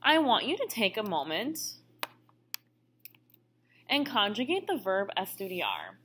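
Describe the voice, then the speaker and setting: A woman's voice: a little high, fairly bright tone, breathy edge. A woman teaching a recorded language lesson who explains each step patiently. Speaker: Spanish teacher.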